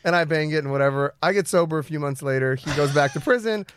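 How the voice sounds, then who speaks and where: A man's voice: on the high side, fast, clean tone, no room sound, clean studio sound. A man telling a story in loose, rambling casual talk, full of "you know" and "like.". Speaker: guest.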